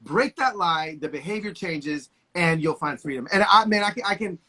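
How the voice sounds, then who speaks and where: A man's voice: fairly high pitch, lively intonation, moderate pace, bright, forceful tone. A man in his forties, a guest on a video call, telling stories with passionate, preacher-like energy. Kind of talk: casual conversation.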